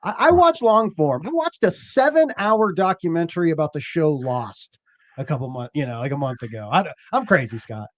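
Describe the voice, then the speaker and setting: A man chatting casually as a podcast host, rambling and self-deprecating, with halting restarts. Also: fairly high pitch, sing-song, a bit bright, no echo. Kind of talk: casual chat.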